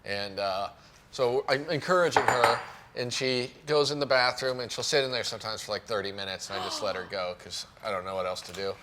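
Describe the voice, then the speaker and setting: A man's voice: medium pitch, brisk, noisy background. Dry self-deprecating man from Kansas. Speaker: guest comedian. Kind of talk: casual chat.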